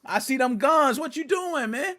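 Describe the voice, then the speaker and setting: Lively, joking gaming podcast host, a man. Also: extremely high pitch, moderate pace, slight background noise. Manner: loose, joking, slangy banter. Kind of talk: casual gaming podcast chat.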